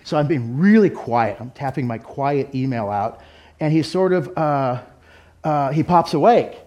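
A man's voice: mid-range voice, expressive, a little slow, a little mellow. A middle-aged man preaching a sermon in a candid, self-deprecating, conversational way. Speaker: pastor. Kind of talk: sermon with personal story.

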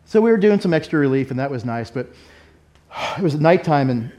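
A man's voice: on the high side, animated, brisk, mellow. A middle-aged man preaching a sermon in a candid, self-deprecating, conversational way. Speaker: pastor. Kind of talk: sermon with personal story.

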